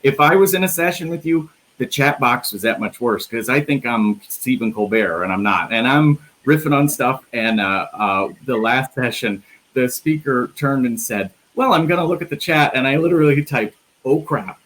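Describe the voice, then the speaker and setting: A Midwestern man hosts a casual live interview over a video call, chatting, joking and often restarting his phrases. His mid-range voice is expressive and a bit bright at a normal speed, though the audio is poor.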